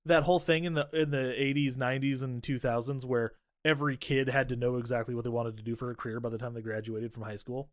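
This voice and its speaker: A man in the middle of his range, talking through a movie plot in a loose, profane podcast chat. He keeps slipping into quick quoted lines from the characters. The sound is dry and close, with no room around it. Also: medium pitch, no echo. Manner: profane, animated retelling with quoted voices. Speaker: podcast co-host. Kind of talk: casual movie-recap chat.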